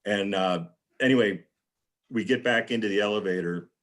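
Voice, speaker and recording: A man with a lowish, slightly bright voice speaks at a moderate pace. He's a guest on a live video panel, on a video call mic, rambling through a casual tale and imitating what people said.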